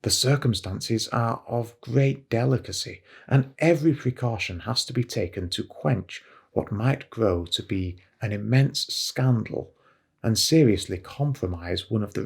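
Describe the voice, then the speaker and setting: A man reading a masked nobleman, slow and gravelly. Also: lowish voice, heavily acted. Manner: formal, measured reading. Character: stern foreign nobleman in a mask.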